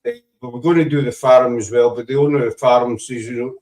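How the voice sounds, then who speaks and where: A man hosting a casual chat, telling stories in a relaxed way with plenty of fillers. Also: mid-range voice, fast, few pauses, distant mic. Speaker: host. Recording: echoey, off-mic.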